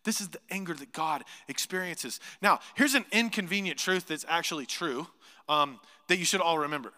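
A man preaching a sermon as pastor, animated, voicing imagined speakers and dropping to hushed asides. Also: a little high, normal speed, in a large hall. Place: church sanctuary.

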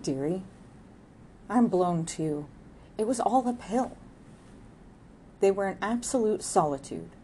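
A woman narrating an audiobook, reading a classic novel in a measured way. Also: on the low side, warm tone, a little hiss or hum. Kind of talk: scripted narration.

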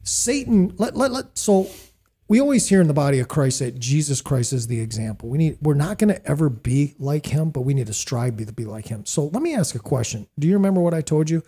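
A middle-aged man hosting a casual faith talk, preachy and excitable. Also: on the high side, fairly quick, breathy edge. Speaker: host.

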